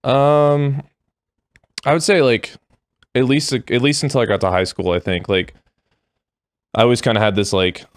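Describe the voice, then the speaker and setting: A young adult man as a podcast guest, talking in a deadpan way with dry humor. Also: mid-range voice, normal speed, long pauses, dry recording. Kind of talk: casual podcast interview.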